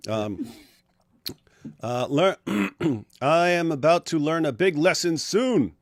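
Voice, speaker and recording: A man hosting a casual livestream and reading out viewer comments, with a jokey manner. His fairly high voice swings widely in pitch. The sound is dry and close. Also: lively intonation, slow, no echo. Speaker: livestream host.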